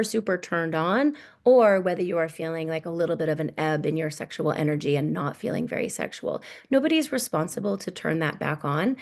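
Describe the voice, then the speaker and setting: A woman in her thirties giving a relaxed workshop talk as a sex coach, often tagging "right?" onto her points. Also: on the low side. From United States.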